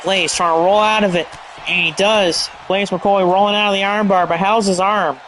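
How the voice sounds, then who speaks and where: A man calling a wrestling match play by play, energetic and shouting at big moves, often tripping over move names and correcting himself. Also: high-pitched, moderate pace, slight background noise. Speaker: play-by-play commentator. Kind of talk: excited play-by-play commentary.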